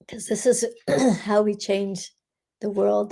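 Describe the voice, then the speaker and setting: A woman hosting a live session as an energy healer, guiding a meditation in an unhurried way with frequent soft laughs and the odd whisper. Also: mid-range voice, steady tone, gravelly, breathy edge. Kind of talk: guided energy-clearing meditation.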